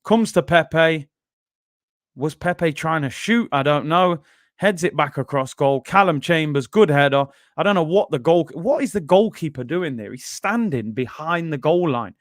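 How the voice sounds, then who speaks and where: A man's voice: fairly high pitch, lively intonation, moderate pace, fairly bright tone, no room sound, clean studio sound. A man hosting a fan football channel, chatting animatedly through goal replays and often addressing viewers as "people". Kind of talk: casual fan commentary over match replays.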